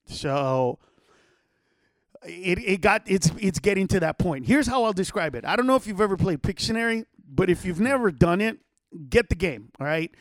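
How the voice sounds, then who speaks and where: A man hosting a podcast from his home setup, telling stories in a casual, animated way, swearing freely and acting out what other people said. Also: high voice, normal speed, dry recording. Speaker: podcast host. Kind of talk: casual storytelling to listeners.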